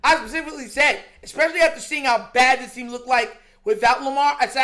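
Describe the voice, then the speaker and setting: High bright voice in a heated sports rant. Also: quick pace. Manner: animated, exasperated, mocking; laughs between points, slangy. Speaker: sports show host.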